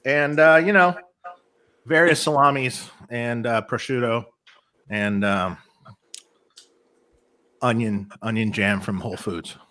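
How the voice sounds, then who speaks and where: A man's voice: mid-range voice, slow, long pauses, bright, forceful tone. A middle-aged man co-hosting a casual chat, rambling and restarting his sentences often. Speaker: co-host.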